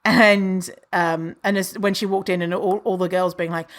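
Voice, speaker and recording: A woman's voice: moderate pace, few pauses. Chatty, swearing woman podcast host. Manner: chatty and animated, swearing, acting out quotes in a higher voice. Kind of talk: casual solo podcast monologue.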